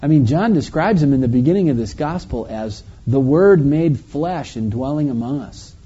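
Dark husky man teaching the Bible. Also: medium pitch, animated. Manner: reads scripture slowly then comments conversationally. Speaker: pastor. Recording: dull lo-fi recording.

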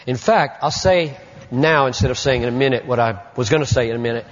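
A man preaching a sermon as pastor, with emphatic stresses that drop into hushed asides. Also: mid-range voice, fast talker. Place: church sanctuary. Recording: muffled lo-fi recording in an echoey hall.

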